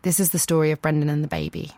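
A woman host giving a scripted narration in a measured, even delivery. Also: low-pitched, no room sound, clean studio sound.

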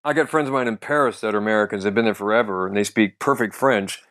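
A man co-hosting a casual podcast chat, telling stories in a rambling way with restarts, throat-clearing and lots of "you know". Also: lowish voice, fast, a bit bright. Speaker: podcast co-host, comedian.

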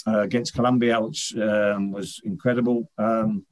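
A man's voice: lowish voice, little pitch movement, normal speed, darkish tone. Rambling middle-aged man telling stories. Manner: rambling, anecdotal, many restarts. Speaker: guest, former footballer. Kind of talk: casual interview chat.

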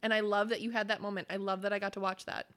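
Giggly podcast cohost lady, bright voice, swears a lot, gushy. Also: medium pitch, level tone, very fast. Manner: giggly, profane, effusive. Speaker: podcast co-host. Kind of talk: casual podcast chat.

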